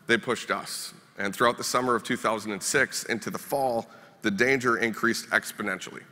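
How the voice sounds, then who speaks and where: A man's voice: lowish voice, steady tone, a little fast, pushed and bright, big-room sound. A man from the United States giving a keynote speech to a live audience, telling his story in a plain-spoken way. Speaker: keynote speaker. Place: conference hall.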